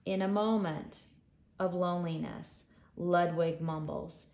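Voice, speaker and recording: A woman reading her own children's story aloud in an expressive, unhurried way. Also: lowish voice, gravelly. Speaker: author reading her book. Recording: echoey room.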